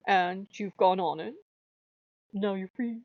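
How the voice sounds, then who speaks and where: Gentle old god, fond and reassuring, voiced by a woman in her own mid-range voice. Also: medium pitch, slow, dry recording, dull audio.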